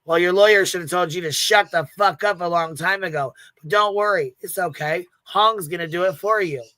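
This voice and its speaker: A woman's voice: on the low side, brisk, no echo. A woman hosts a casual livestream, speaking close to the mic with a dry, dead sound. She is blunt and profane, laughs often, and acts out the lines of people she is talking about. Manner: retells events with lively quoted asides. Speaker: livestream host.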